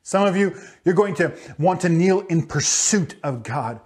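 A man preaching a sermon in church as pastor, animated and acting out quotes with playful voices. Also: high-pitched, a little slow.

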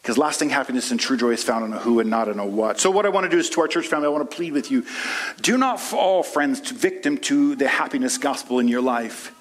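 A man preaching a sermon as pastor, rising into impassioned prayerful peaks and dropping to soft asides, calling the congregation honey and friends. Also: fast talker. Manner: impassioned preaching, swings from low and soft to high and loud.

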